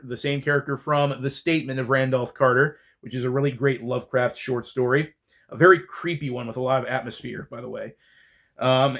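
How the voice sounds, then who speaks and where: A man's voice: a little high, a bit bright. A man hosting a casual book haul vlog, talking enthusiastically and chattily about his finds. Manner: enthusiastic, chatty, with fillers and restarts. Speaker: book channel host.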